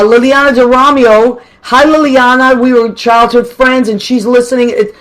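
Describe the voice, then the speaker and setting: Woman radio host, solo live chat, warm greetings for listeners. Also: on the high side. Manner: chatty and affectionate, greets people warmly.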